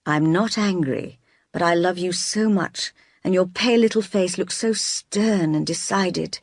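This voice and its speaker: A woman reading as a passionate, brooding gentleman. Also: fairly low pitch, measured pace, no room sound, studio quality. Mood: pleading. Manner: pleading and impassioned, sometimes forceful. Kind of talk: audiobook dialogue reading.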